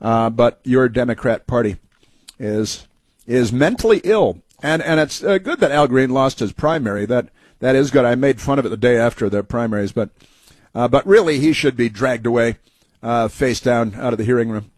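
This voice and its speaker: A man's voice: mid-range voice, lively intonation, moderate pace, no echo. Heated, mocking male talk host. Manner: heated, mocking, rambling with many fillers. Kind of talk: opinion commentary.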